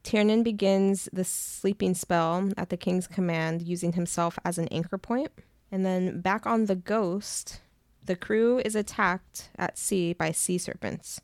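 A woman's voice: fairly low pitch, fairly even intonation, a little mellow, no room sound. Woman co-host, plot recap in casual chat, dead-dry mic sound. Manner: summarizes plot briskly, with gasps and laughs. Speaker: podcast co-host.

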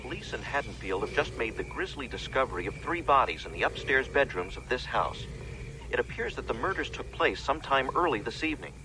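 An actor playing a male radio news announcer, reading a formal, measured bulletin. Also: medium pitch, big pitch swings, background noise, close to an everyday voice. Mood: grave. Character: grave male radio newsman, adult. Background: loud film score.

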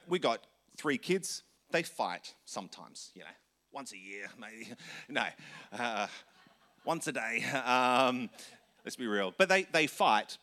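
Man, senior pastor, sermon, bright forceful voice, conversational, self-correcting asides. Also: medium pitch.

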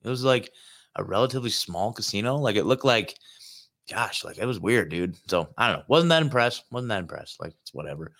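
A man's voice: lowish voice, a little fast, vocal fry, fairly bright tone. A man hosting his own show, telling a road-trip story in a loose, rambling monologue full of filler words and swearing, recorded in a hotel room. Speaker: host.

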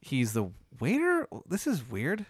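A man's voice: medium pitch, wildly swooping pitch, a little slow, breathy edge, no room sound, clean studio sound. A man hosting a comedy podcast, spinning a long hypothetical story in a rambling way, full of "like" and "uh". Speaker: podcast host.

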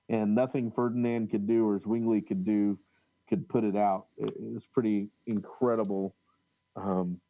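Fairly low in pitch, this man's voice comes through dry and muffled. He's a podcast co-host in a casual religious-history conversation, reading historical quotes aloud with a halting delivery and frequent fillers and restarts.

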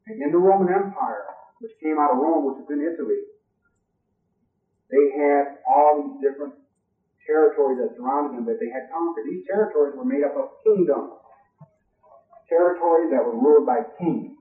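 A man giving a university lecture, animated and full of rhetorical questions. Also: a little high, moderate pace, pauses often. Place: lecture hall. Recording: old, muffled, echoey 1990s hall tape from far off.

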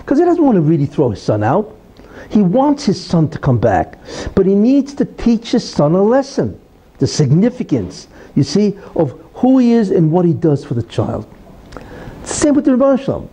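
Husky, dark-voiced man teaching Talmud. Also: sits high, moderate pace, poor audio. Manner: animated, questioning, explains with stories. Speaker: religious teacher. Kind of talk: Talmud lesson.

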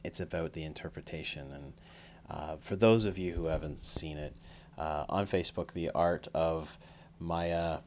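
Deep-voiced man hosting a casual podcast. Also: fairly even intonation, normal speed, slight background noise. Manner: rambling, self-deprecating, with lots of fillers. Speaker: podcast host.

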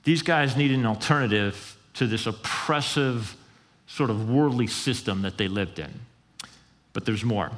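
A man giving a conversational sermon as pastor, animated and acting out quoted voices. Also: unhurried. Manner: animated, conversational, acts out quotes with pitch jumps. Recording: long hall reverb.

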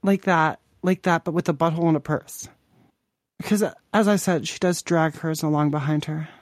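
A man's voice: fairly high pitch, fairly even intonation, moderate pace, no room sound. Prank podcast host, man, crude and mocking, rambling delivery, dry close sound. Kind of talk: crude prank call banter.

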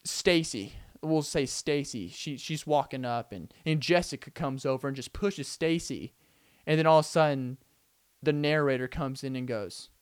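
A young man hosting a casual solo podcast, rambling animatedly and acting out scenes with frequent laughs. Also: on the high side. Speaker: podcast host.

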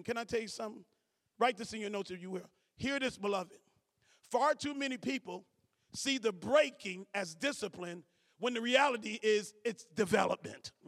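A man preaching a sermon as pastor, calling to the congregation, swinging from shouts to low asides. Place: church sanctuary. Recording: church hall reverb.

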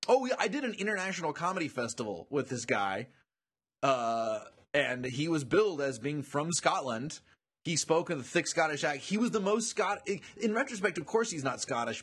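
Male podcast co-host, husky voice, lively pitch, quick to laugh. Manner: animated, laughs often. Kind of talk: casual chat.

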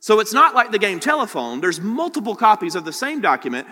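Male pastor, fairly high bright voice, chatty teaching sermon with lots of "right?" asides, long hall reverb. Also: sing-song, fast. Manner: conversational teaching, frequent "right?" tag questions.

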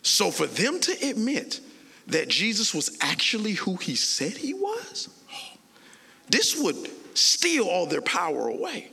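Male pastor, bright gravelly voice, casual and playful sermon style. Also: high-pitched, takes it slowly, long reverb tail. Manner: animated, playful, conversational preaching.

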